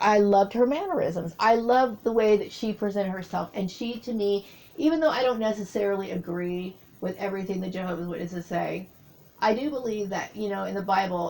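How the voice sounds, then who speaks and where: A woman talking through a personal memory in a rambling monologue, often pausing to search for her words. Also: medium pitch, gravelly, darkish tone, rough recording.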